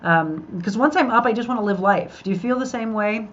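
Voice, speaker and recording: A woman's voice: medium pitch, brisk. A middle-aged woman hosting a podcast, chatting upbeat and talking straight to her listeners. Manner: upbeat, addresses listeners directly. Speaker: podcast host. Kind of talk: live podcast chat with viewers. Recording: dull lo-fi sound.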